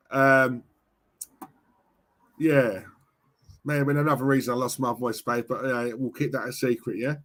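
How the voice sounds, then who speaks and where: A young man ranting casually on a live stream, outspoken and repetitive, tagging his points with "right?" and "yeah?". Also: fairly high pitch. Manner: outspoken, repetitive, tag questions.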